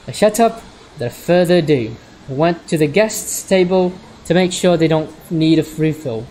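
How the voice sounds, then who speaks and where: A man's voice: fairly high pitch, fairly quick, a little mellow, slight background noise, poor audio. A man streaming as he reads a visual novel aloud, often stumbling and correcting his words.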